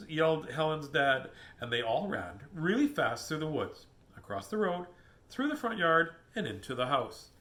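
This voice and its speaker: A man reading a children's picture book aloud, animated and chuckling at the pictures. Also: on the high side, normal speed. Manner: animated, chuckling asides to the listener.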